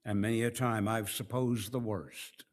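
A middle-aged man preaching a sermon, slow and deliberate, swinging between hushed and raised passages. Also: fairly low pitch, steady tone. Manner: slow, with dramatic swings between soft and loud.

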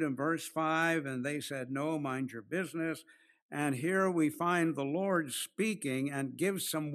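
A man preaching an expository sermon, slowing down to stress key phrases and acting out the quoted lines. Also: fairly high pitch, a bit bright. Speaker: pastor.

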